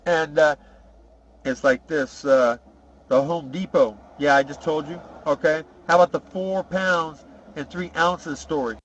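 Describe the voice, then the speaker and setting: A man's voice: fairly high pitch, fairly even intonation, a little slow, lo-fi sound, slight background noise, close to an everyday voice. A podcast host voicing a boastful, profane male ex-convict who rambles through tough prison stories in a comic character monologue. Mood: swaggering. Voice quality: rough, profane, rambling storyteller.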